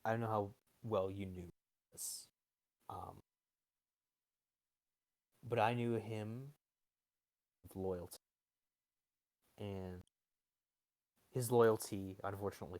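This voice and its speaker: A man doing a grave, gruff Beastmaster. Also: lowish voice, fairly even intonation, slow pace, pauses often, darkish tone, no room sound. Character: gruff male Beastmaster, stern quest-giver.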